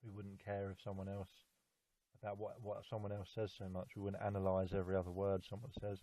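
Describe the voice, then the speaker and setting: A man's voice: low-pitched, completely flat delivery, fast talker, warm tone, dry recording. A young man recording a heartfelt love message to his girlfriend, earnest and repetitive, stumbling over fillers. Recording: tinny phone-like recording.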